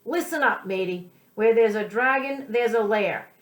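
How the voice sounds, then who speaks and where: A greedy, stubborn pirate captain barks out his lines in a raised, loud voice thick with pirate talk. He blusters and exclaims, as a woman acts him out in a storybook read-aloud. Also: a little high, normal speed, close to an everyday voice. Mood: scheming.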